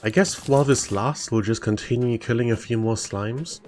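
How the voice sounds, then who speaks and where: A man's voice: mid-range voice, moderate pace, a little mellow, a little hiss or hum. A man chatting casually as a streamer while playing a modded game, wry and talkative. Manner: wry, chatty, mildly indignant asides. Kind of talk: casual live-stream chat over gameplay.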